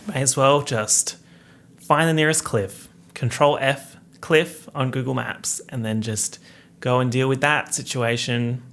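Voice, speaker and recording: A young man hosting a casual solo podcast, joking in a campy, sarcastic way with big swings in pitch, speaking into a studio microphone. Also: steady tone, a little slow, fairly bright tone, a little hiss or hum. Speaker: podcast host.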